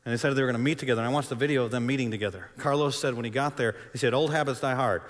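Male pastor, mid-range voice, dramatic sermon storytelling with hushed dips, long hall reverb. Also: mid-range voice, rapid-fire. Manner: dramatic, swings between loud and hushed.

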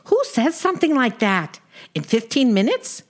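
A woman's voice: on the high side, sing-song, moderate pace. Sadie, a woman doing a fretful Brooklyn sister. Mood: fretting. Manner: fretful, exasperated, theatrical. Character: anxious older Jewish sister Sadie, fretting. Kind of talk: comedy sketch acting.

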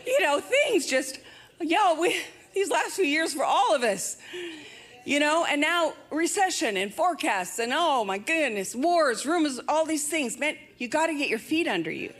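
A woman's voice: sits high, sing-song, normal speed. An older woman preaching a sermon, emphatic and fervent, repeating her rallying phrases. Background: music.

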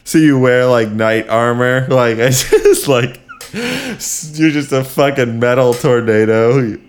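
A man's voice: medium pitch, animated, slow pace. A man co-hosting a podcast in loose, casual chat, laughing and swearing freely. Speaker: podcast co-host.

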